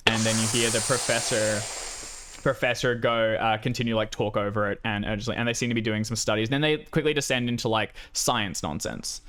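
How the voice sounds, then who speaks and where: A man's voice: lowish voice, fairly even intonation, fairly quick, fairly bright tone. A man running a tabletop game as game master, narrating casually with many fillers.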